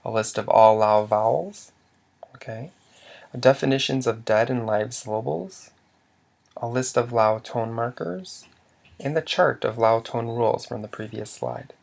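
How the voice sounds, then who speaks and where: A man's voice: medium pitch, a little slow, creaky, a little mellow. A man narrating a slide lesson as a language teacher. He asks questions, answers them himself, and often stops to restart a word.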